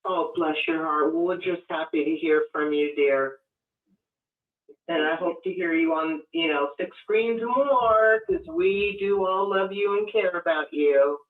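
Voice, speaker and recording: A woman's voice: fairly low pitch, unhurried. Female call-in host, motherly and caring, tinny roomy sound. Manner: motherly, calls people dear and sweetheart. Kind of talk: hosting a call-in show.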